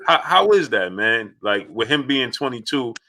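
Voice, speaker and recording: A man's voice: medium pitch, big pitch swings, normal speed, bright, forceful tone. A man hosting a casual interview, laid-back, keeps checking in with "right?" and "you know". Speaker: interview host.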